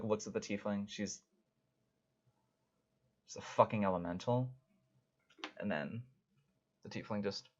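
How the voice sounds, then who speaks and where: Low-voiced male game master, lo-fi. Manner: casual, rambling, many fillers. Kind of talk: narrating a tabletop game. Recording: dull lo-fi audio.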